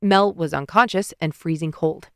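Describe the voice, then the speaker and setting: A woman voicing a composed, matter-of-fact man in an audiobook, speaking in measured lines. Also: sits low, fairly bright tone, clear, resonant tone, no echo, clean studio sound. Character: calm composed man, the ex-husband.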